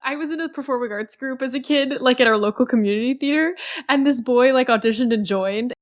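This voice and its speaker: A woman's voice: high-pitched, fairly quick. A woman co-hosting a podcast in casual book-club chat, enthusiastic and full of anecdotes. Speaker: podcast co-host.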